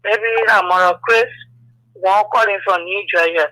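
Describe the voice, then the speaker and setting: A woman's voice: medium pitch, fairly even intonation, normal speed, sharp tone, no echo, rough recording. A woman calling in to a talk show, making an emotional plea and raising her voice. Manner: pleading, emotional, raises voice. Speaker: caller. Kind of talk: impassioned call-in plea.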